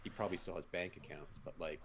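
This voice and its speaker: A man's voice: sits low, steady tone, fast talker, fairly bright tone, slight background noise. A man co-hosting a casual live stream, talking in loose, rambling sentences full of restarts. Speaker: co-host.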